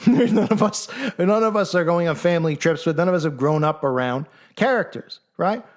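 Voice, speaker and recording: A slightly high, expressive male voice at normal speed carries a commentator's combative, mocking monologue. Rhetorical questions come one after another, and he mimics his critics in mock voices.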